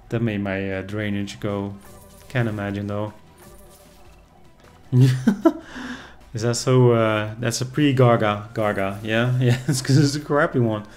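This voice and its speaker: A man's voice: lowish voice, fairly even intonation, takes it slowly, pauses often, darkish tone, soft background music. A man streaming casually, chatting with viewers and reacting to the game as it plays. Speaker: casino streamer. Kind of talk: casual live-stream commentary.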